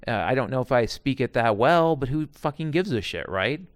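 A middle-aged man tells his stories in a loose, wandering monologue, swearing freely and often stopping to restart a thought. His voice is smooth and resonant, and it sits at an ordinary pitch for a man. The sound is dry and close, with no room around it. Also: animated, a little fast, dry recording. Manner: digressive, profane, frequent restarts and asides. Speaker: storyteller recounting past jobs. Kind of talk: casual rambling monologue.

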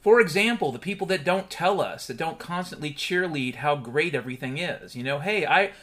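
Candid, rambling man with a higher voice. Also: animated, a little fast, a bit bright. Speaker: podcast host. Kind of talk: solo podcast monologue.

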